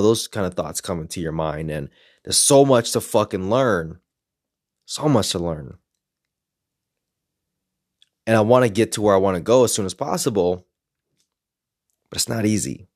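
Man, casual monologue, low voice, dry close sound, frank and swearing. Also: expressive, normal speed, long pauses, a little mellow, dry recording. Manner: frank, swears often, reflective. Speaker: self-help creator.

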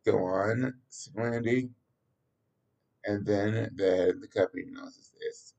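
A man's voice: fairly low pitch, slow, vocal fry, mellow, rough recording. A man narrating a story aloud in a homemade reading, stumbling and restarting now and then. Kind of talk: amateur read-aloud narration.

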